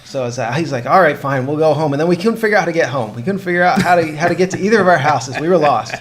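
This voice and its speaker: Animated young man telling a story. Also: a little high, very fast, soft background music. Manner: animated storyteller with frequent laughs and restarts. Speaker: co-host of a game podcast. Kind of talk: casual chat, telling a dream story.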